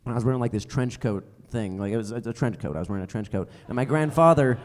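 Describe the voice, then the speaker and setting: A man's voice: mid-range voice, fast, darkish tone, in a large hall. A young adult man doing a stand-up comedy set on a theater stage, rambling and self-mocking, with many fillers. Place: theater stage before a live audience.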